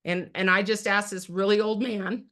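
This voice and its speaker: A woman's voice: medium pitch, flat delivery, normal speed, a bit bright. Earnest middle-aged woman telling her story. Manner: earnest and plain-spoken, addresses listeners as "you guys". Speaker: direct sales team leader sharing her story. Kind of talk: personal testimony on a team call. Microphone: video call.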